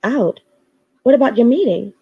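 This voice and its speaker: A woman reading a story aloud and voicing a young female secretary who stammers and talks high and excited. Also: moderate pace, vocal fry, breathy edge, dry recording, dull audio, exaggerated voice. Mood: flustered.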